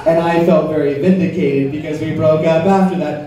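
A man's voice: on the high side, fairly even intonation, moderate pace, noisy background. Crude man doing stand-up, crowd laughing. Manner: crude, conversational, teasing the crowd. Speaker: stand-up comedian. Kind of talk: stand-up set at a comedy club. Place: comedy club stage. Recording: roomy club sound from far off, crowd audible. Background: audience laughter.

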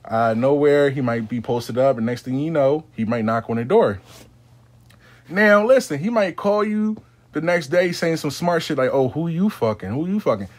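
A man's voice: a little high, expressive, normal speed. A man in a casual monologue, advising clients as a spiritual adviser in a profane, rambling, slangy way.

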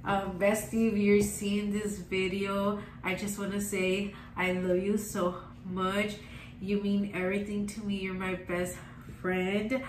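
A woman's voice: mid-range voice, level tone, slow pace, reverberant, far from the mic, slight background noise, rough recording. A young woman, gushing sentimentally as she talks to camera in a casual vlog. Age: young adult. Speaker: vlogger.

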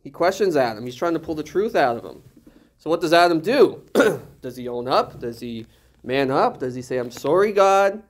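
Animated male preacher with a raised voice. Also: fairly high pitch, normal speed. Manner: animated, joking, rhetorical questions. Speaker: pastor. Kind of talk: sermon.

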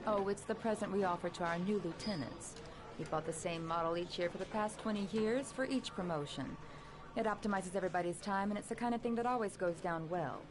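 A woman's voice: medium pitch, fairly quick, noisy background, lightly acted. An actress voicing a polite female office assistant at a police station in a video game, who speaks courteously. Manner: courteous, helpful.

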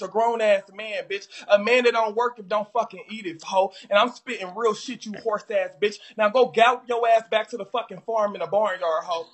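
A woman hosting a live stream who delivers a loud, profane roasting rant from home, closing almost every line with an insult. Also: mid-range voice.

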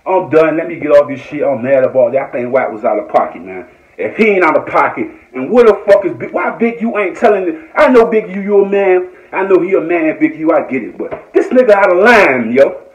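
Man from Norfolk, Virginia, fired-up live-stream rant, high and swooping voice, echoey lo-fi phone sound. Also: animated, a little fast. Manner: heated, repetitive, profane. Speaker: online commentator. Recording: echoey, dull lo-fi phone audio.

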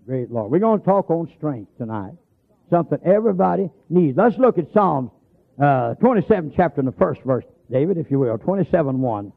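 Gravelly preacher on lo-fi tape. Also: male voice, fairly high pitch, sing-song, a little fast. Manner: folksy storytelling, calls out scripture with emphasis. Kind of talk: holiness sermon. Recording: phone-like lo-fi sermon tape.

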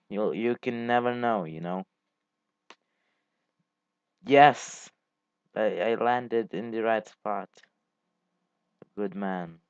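A man giving casual, halting gameplay commentary as a channel host. He rambles and swears casually as he plays. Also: on the low side, smooth, no echo. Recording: dull lo-fi mic.

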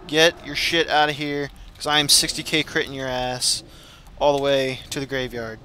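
A man's voice: medium pitch, level tone, normal speed, sharp tone, slight background noise. A man swearing and trash-talking through frustrated gameplay commentary. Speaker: gamer.

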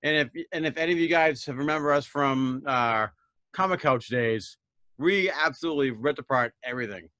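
A man's voice: mid-range voice, brisk, pushed and bright, no echo. A man co-hosting a casual comics review show, joking and self-deprecating. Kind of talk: casual podcast chat.

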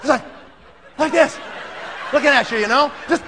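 Guy telling a funny story, animated and laughing, really high bright voice. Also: moderate pace, a faint crowd, a little hiss or hum. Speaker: speaker. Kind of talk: comic storytelling speech.

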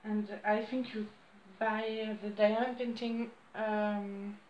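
A middle-aged woman from New Caledonia, chatting in halting English full of fillers about her crafts. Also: mid-range voice, flat delivery, dull audio. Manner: halting non-native English, many fillers. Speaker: crafting vlogger. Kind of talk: casual chat. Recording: echoey room with faint ambient noise.

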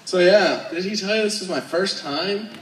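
In an echoey room where his voice sounds far off, a young man from Alaska, United States, nervously tries his first stand-up set, full of crude, self-deprecating jokes. He has a high-pitched voice and talks at a normal speed, with a little hiss or hum present.

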